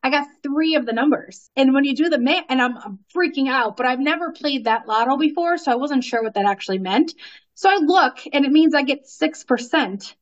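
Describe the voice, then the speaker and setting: A woman telling a long story in casual conversation, animated, laughing often and using lots of fillers. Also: high voice, brisk, muffled recording. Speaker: guest.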